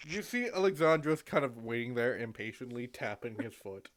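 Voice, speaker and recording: A man's voice: medium pitch, expressive, moderate pace, fairly bright tone, a little hiss or hum. A man narrating as game master in a casual, swearing, laughing style.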